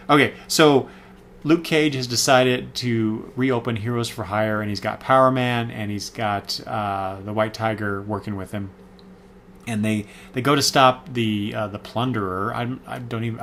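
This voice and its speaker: A man talks through a casual comic book review at a middle pitch, stopping often to correct himself. He fills his pauses with ums and uhs. A faint background noise sits under his voice. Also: a bit bright. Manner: rambling, many fillers and self-corrections.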